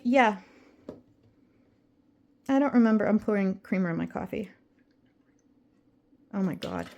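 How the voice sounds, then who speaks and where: A woman's voice: mid-range voice, expressive, unhurried, gravelly, pauses often, a little mellow, lo-fi sound. A young adult woman vlogging casually to her viewers, rambling and emotional as she drifts between topics. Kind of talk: casual chat to camera.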